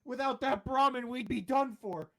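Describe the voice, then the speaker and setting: A man's voice: extremely high pitch, moderate pace, gravelly, fairly bright tone, full character voice. A man voicing a grateful male wasteland stranger who gives earnest thanks.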